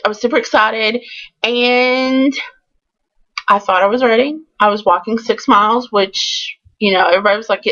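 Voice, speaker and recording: A woman's voice: on the high side, moderate pace, long pauses, a bit bright, dull audio. A woman telling a candid, chatty storytime in a casual vlog. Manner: chatty and candid, with many ums. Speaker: vlogger.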